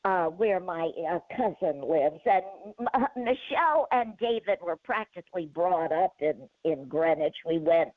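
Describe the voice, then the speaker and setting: A woman's voice: lowish voice, animated, measured pace, hardly any pauses, dry recording. An older woman with a youthful, childlike voice, telling a story over the phone in a casual chat. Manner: storytelling, acting out both sides of the talk. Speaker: show regular, host's mother. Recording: tinny phone line.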